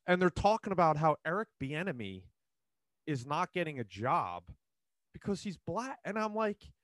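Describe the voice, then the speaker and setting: A man hosting a casual podcast, rambling and animated with many restarts. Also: on the high side, normal speed, no echo. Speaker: podcast host.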